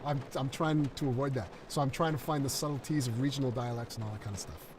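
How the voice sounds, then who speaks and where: A man's voice: mid-range voice, steady tone, fast talker, distant mic, a little hiss or hum. A concept artist talking through his draft script on a livestream, enthusiastic and rambling with fillers.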